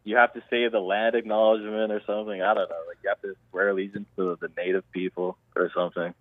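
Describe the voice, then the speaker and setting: Toronto dude calling in, low voice, rambly and slangy, tinny phone sound. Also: male voice, little pitch movement, quick pace, no room sound. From Toronto, Canada. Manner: rambling, loose slangy talk with many restarts. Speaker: caller. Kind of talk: casual phone-in chat.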